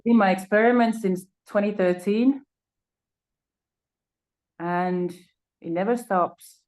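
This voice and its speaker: A woman's voice: medium pitch, slow, a little mellow. A woman co-teacher introducing herself in a casual class, modest and a little hesitant.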